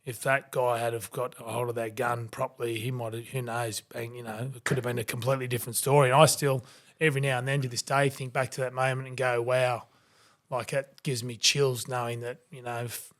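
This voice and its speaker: A man's voice: mid-range voice, brisk. A man in his forties with an Australian accent, a podcast guest telling stories and acting out the people in them. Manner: animated anecdotes, acting out quoted voices. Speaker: guest, former rugby league player. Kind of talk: storytelling in a podcast interview.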